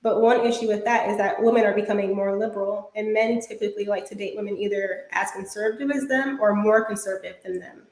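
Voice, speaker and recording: A woman's voice: medium pitch, fairly even intonation, fast talker, hardly any pauses, darkish tone, reverberant, low-quality recording. A woman in her twenties chatting emphatically as a podcast co-host. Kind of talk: casual podcast chat.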